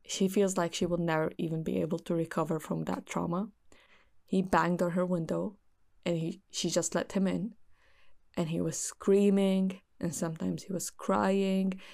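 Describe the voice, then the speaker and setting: A woman's voice: fairly low pitch, flat delivery, moderate pace, gravelly, a little mellow. A young woman earnestly recounting a friend's story in casual chat.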